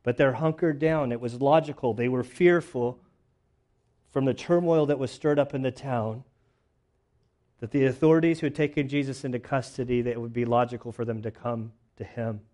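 A man's voice: mid-range voice, fairly even intonation, moderate pace, a little mellow. A man preaching an expository sermon in a conversational way, reading scripture and retelling the story with dramatized voices. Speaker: pastor.

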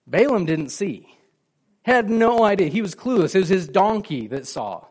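Preaching conversationally, this pastor has a high-sitting, very animated voice with a breathy edge, speaking at normal speed. He poses questions to his listeners and voices the characters in his story.

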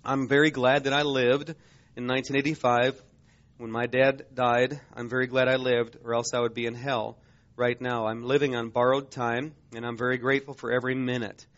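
A middle-pitched man in his forties tells his testimony from the pulpit, stumbling and restarting as he goes. His voice comes through a slightly muffled church recording. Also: level tone, a bit bright. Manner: halting, emotional storytelling with many restarts. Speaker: missionary preacher. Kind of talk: sermon testimony.

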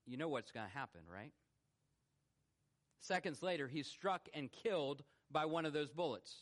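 Male pastor, fairly high voice, preaching in a church, lively swings between loud questions and quiet low stresses. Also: normal speed. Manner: animated, swings from loud rhetorical questions to hushed low emphasis. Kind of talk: sermon. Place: church sanctuary.

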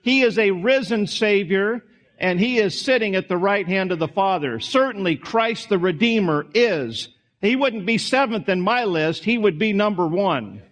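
A man's voice: sits high, expressive, normal speed, fairly bright tone. A man preaches to his congregation. His delivery is conversational and folksy, full of small asides and restarts, as if he is thinking aloud from the pulpit. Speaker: pastor. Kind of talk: sermon.

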